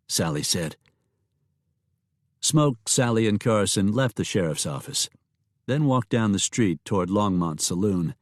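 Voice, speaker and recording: A man's voice: fairly low pitch, animated, a little slow, dry recording. Man narrating a Western, dry sound. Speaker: audiobook narrator.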